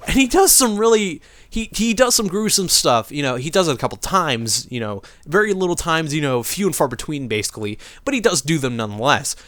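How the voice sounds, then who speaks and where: A man's voice: sits high, fairly bright tone, no room sound. A man doing casual let's play commentary, rambling through a story with many fillers and swearing at the game now and then.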